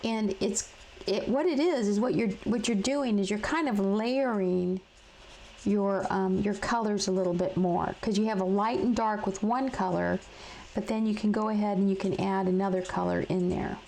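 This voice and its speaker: A woman hosting a casual live craft demonstration from her home craft room. She is chatty and halting, with many fillers and restarts, and she talks to viewers in the chat while she colors. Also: medium pitch, creaky, a little mellow, slight background noise, rough recording. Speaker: crafting livestream host.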